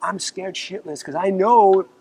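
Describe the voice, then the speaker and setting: Speaking a little slowly in a high pitch, this New Yorker from the Bronx is a musician guest sharing stories outdoors in a park. There's a little hiss or hum, and his storytelling is casual, profane and animated, with the quotes acted out.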